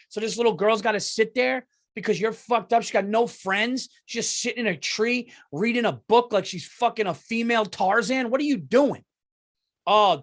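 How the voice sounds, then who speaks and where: Casting note: high-pitched middle-aged man, solo comedy podcast host, sweary and worked-up storytelling. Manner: profane, animated storytelling, swings from loud outrage to mumbling.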